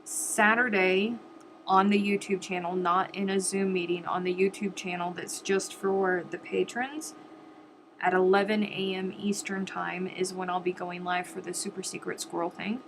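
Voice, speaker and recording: A woman's voice: on the low side, flat delivery, normal speed, gravelly, noisy background. A woman hosting a crochet live stream, chatting casually and directly to viewers, with a sniffly, stuffed-up nose.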